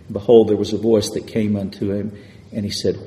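A man's voice: fairly low pitch, level tone, brisk, dark tone, slight background noise. A man preaching a sermon in a church with an emphatic, repetitive cadence. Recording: echoey hall with long reverb.

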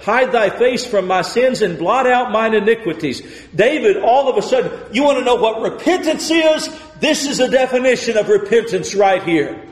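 Male preacher, high voice, impassioned and pleading, reverberant sanctuary sound. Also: animated, normal speed. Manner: impassioned, swings from loud pleading to hushed near-murmur. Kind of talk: sermon. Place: church sanctuary. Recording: echoey hall with long reverb.

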